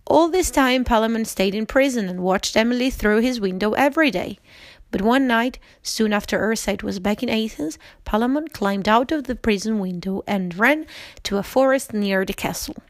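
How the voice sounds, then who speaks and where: A woman reads a storybook aloud in a careful way, with the odd slip and restart. Her voice is a little high and sounds close and dry. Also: animated, moderate pace, no echo. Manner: careful reading with small slips and restarts. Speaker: narrator. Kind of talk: storybook reading.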